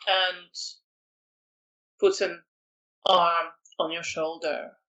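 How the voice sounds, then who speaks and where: A storyteller narrating a vampire tabletop game in slow, descriptive lines with fillers. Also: medium pitch, level tone, muffled recording, crowd noise.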